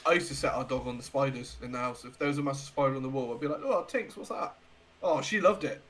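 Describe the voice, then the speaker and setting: A man's voice: medium pitch, racing, a bit bright, poor audio. A young man co-hosting a podcast, telling blunt, jokey stories in casual chat and swearing freely. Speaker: podcast co-host.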